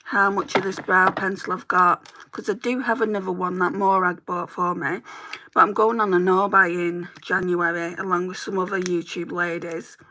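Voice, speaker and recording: A woman's voice: fairly low pitch, pushed and bright. A woman from England with a Northwest English accent, chatting on a beauty livestream while doing her makeup and answering viewers' comments. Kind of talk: chatty get-ready-with-me livestream.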